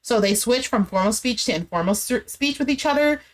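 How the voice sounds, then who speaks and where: A woman's voice: a little high, expressive, a little fast. A young woman giving a casual, chatty recap of a reality show, explaining as she goes and often saying "like".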